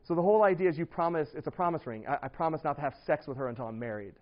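A man preaching to a congregation, spinning a personal story in a lively, rambling way, full of fillers and quick laughs. His voice swings up and down a lot as he tells it. The recording sounds a bit dull and lo-fi. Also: on the high side.

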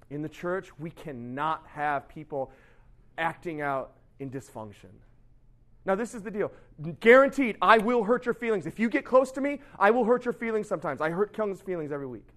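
A middle-aged man preaching in a loose, conversational way. He keeps checking in with "right?" and slips into little acted quotes. His voice sits high for a man. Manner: chatty and animated, keeps asking "right?". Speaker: pastor. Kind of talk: casual sermon.

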